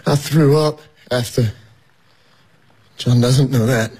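An actor playing a guilt-ridden young man who speaks haltingly, with a raspy voice. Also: mid-range voice, steady tone, darkish tone. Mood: hesitant. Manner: hesitant, halting.

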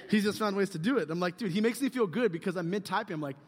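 A man's voice: high-pitched, big pitch swings, rapid-fire. A man giving a casual, humorous youth sermon, rambling and joking with lots of fillers. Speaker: youth pastor. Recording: long hall reverb.

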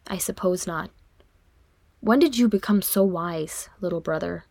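A woman voicing a proud male dwarf lord who speaks low, weary and measured, for an audiobook reading. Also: gravelly, warm tone, dry recording, full character voice.

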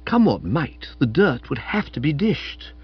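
A man narrating a comic story in the first person, in a lively, playful reading. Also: a little high, a little slow, slightly rough. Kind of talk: scripted audiobook narration. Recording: dull, muffled audio.

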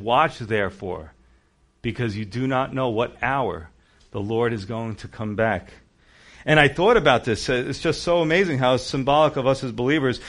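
A man's voice: medium pitch, moderate pace, a bit bright. A man preaching a sermon in a conversational way, acting out quoted voices as he goes. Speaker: pastor.

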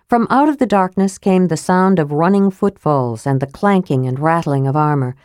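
A woman reading a fantasy story aloud as narrator, dropping her voice low for the male characters. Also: normal speed, hardly any pauses, a little mellow, dry recording, studio quality. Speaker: audiobook narrator.

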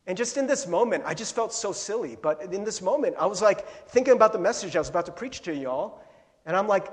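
A middle-aged male pastor preaching a casual, storytelling sermon, chatty and laughing, breaking into bursts of yelling as he retells his own anecdotes. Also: high voice, very animated, fairly quick. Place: church sanctuary. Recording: long hall reverb.

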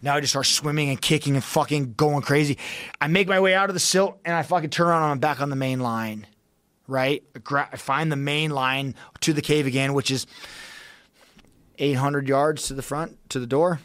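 A man's voice: fairly high pitch, normal speed, fairly bright tone, dry recording. A man guest on a podcast, telling a story in a casual, profane, intense way and reliving it vividly.

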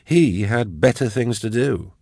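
A man voicing a tense young male rescuer who speaks in a hushed, urgent way. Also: mid-range voice, lively intonation, a little slow, breathy edge, dry recording, clean studio sound, pitched above the performer's own voice.

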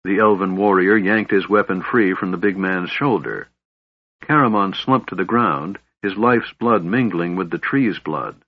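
A man narrating a fantasy novel in a measured, even storytelling voice. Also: deep voice, breathy edge. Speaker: audiobook narrator. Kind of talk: scripted narration. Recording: slightly dull, dry recording.

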